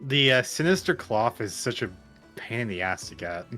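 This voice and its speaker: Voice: medium pitch, very animated, normal speed, bright, forceful tone, soft background music. A player chatting while gaming with friends, giggly and playful, stammering over words. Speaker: gamer on a group stream. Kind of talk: casual chat while gaming.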